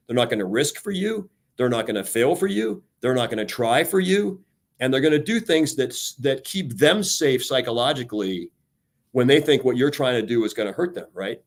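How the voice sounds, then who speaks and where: An older man, a retired admiral, talking on a radio show about leadership with passion and energy, acting out quoted lines as he goes. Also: medium pitch. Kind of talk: casual radio talk on leadership.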